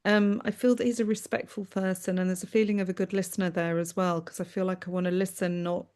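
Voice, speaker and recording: A woman medium on a video call, giving a live reading in a gentle, affectionate way. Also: fairly low pitch, little pitch movement, fast talker, clean tone. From United Kingdom. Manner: gentle, affectionate, often says "my darling" and "that's what I'm aware of".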